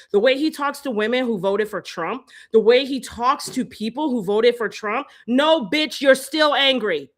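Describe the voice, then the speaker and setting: A woman hosting a live-stream commentary, heated and profane, hammering her points with repeated rhetorical jabs into a phone. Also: medium pitch. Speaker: host.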